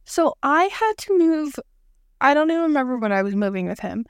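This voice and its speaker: A young woman co-hosting a casual podcast chat, animated and quick to quote film lines. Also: high-pitched, dry recording, studio quality. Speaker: podcast co-host.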